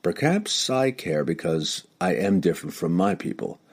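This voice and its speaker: A man voicing a calm, earnest male dark elf ranger in an audiobook, measured and soft-spoken. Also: low voice, husky, exaggerated voice.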